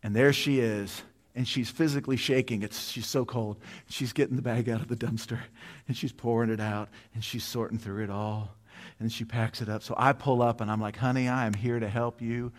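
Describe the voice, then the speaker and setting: A man's voice: mid-range voice, fairly even intonation, moderate pace. A pastor in his fifties preaches in a sanctuary, his mid-range voice carried on a long, ringing reverb. He tells a vivid personal story, then drives toward his point with emphatic, repeated appeals. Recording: long reverb of a large hall.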